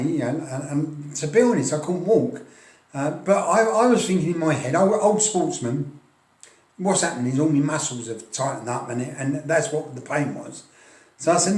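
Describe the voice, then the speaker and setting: A man's voice: on the high side, normal speed, a little mellow. Middle-aged Englishman, casual hobby vlogger, chuckles a lot, filmed on a tablet in an echoey room. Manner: chatty, self-deprecating, laughs often, frequent restarts. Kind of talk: casual rambling chat to camera. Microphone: filming on a tablet.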